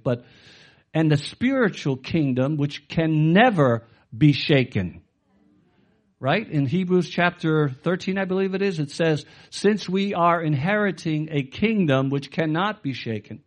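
Emphatic male pastor preaching a sermon. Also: a little high. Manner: emphatic preaching, quotes scripture, asks the congregation questions.

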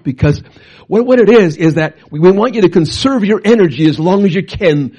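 Husky middle-aged preacher man. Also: high voice, a little fast. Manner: animated, bursts into loud acted quotes, frequent restarts. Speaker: pastor and missionary. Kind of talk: storytelling sermon.

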